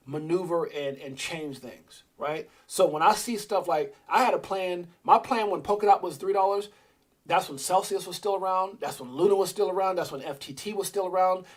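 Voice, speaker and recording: Husky man rambling on a livestream. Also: fairly high pitch. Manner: rambling, animated, quick asides and mock voices. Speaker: crypto livestream host. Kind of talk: casual livestream talk.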